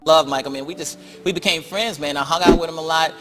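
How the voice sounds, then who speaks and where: A man telling stories on stage as a stand-up comedian, animated and playful. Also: fairly high pitch, fast, over loud music. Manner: animated, playful, lively impressions. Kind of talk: stand-up storytelling. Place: stage before a live audience. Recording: live audience noise.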